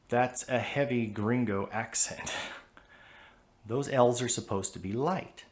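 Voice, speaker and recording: A man's voice: medium pitch, a bit bright. American man teaching pronunciation patiently. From United States. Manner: demonstrates sounds, measured and patient. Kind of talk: explanatory lesson with demonstrations.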